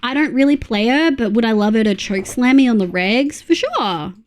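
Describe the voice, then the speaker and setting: A woman's voice: a little high, lively intonation, moderate pace, a little hiss or hum. A young Australian woman streaming live, chatting casually and bluntly with her chat while she plays, greeting viewers and humming as she builds.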